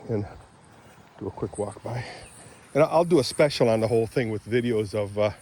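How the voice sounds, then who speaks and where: A man's voice: on the low side, normal speed, pauses often, darkish tone, a little hiss or hum. Rambling older man vlogging outdoors. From Michigan. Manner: rambling, throat-clearing, chatty asides. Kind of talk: casual rambling vlog. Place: outdoors on his property.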